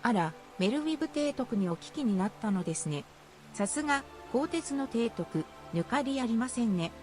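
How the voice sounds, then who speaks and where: A polished, deferential young woman official speaks in a video game, her voice pitched high and her words tumbling out fast. She stays formal and honorific throughout, with an actress performing her. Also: animated, faint music behind, natural voice. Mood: formal polite. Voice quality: polite, highly respectful speech.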